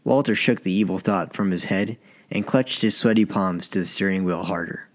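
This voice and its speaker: Low-voiced man narrating a story. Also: moderate pace. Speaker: author and narrator. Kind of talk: scripted audiobook narration.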